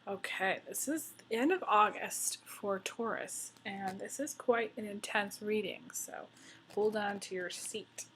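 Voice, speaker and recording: A woman's voice: medium pitch, measured pace, fairly bright tone, slight background noise, poor audio. Emotional rambling woman tarot reader. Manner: rambling, many fillers and restarts, emotional. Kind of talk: casual spoken tarot reading.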